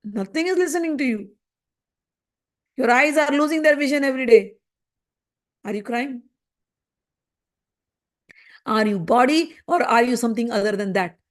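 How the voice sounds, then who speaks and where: Female teacher, high pitch, spoken commentary, repeats phrases and presses rhetorical questions. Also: moderate pace, long pauses. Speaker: scripture teacher. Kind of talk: spoken commentary on a spiritual text.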